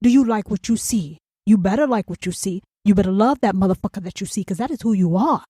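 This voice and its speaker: A woman's voice: medium pitch, quick pace, warm tone, breathy edge, dry recording, clean studio sound. A woman hosting a solo podcast, talking bluntly and profanely and pressing her points with repeated rhetorical questions. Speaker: podcast host.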